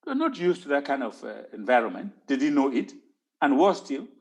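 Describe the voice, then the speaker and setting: A man's voice: medium pitch, very animated, brisk. A man giving an impassioned talk on history at an online town hall, stressing points by repeating words. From Cameroon.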